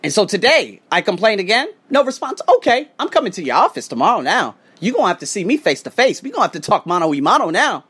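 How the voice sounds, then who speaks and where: A man who teaches English and hosts a podcast, talking straight to viewers in a heated, profane rant that swings between loud outbursts and low muttered asides. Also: sing-song, quick pace, hardly any pauses, breathy edge. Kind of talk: casual ranting monologue to viewers.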